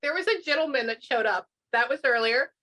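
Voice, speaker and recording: A woman's voice: sits high, animated, fairly quick, sharp tone. A woman doing a casual reading session as a pet medium, chatty and rambling, full of restarts and fillers.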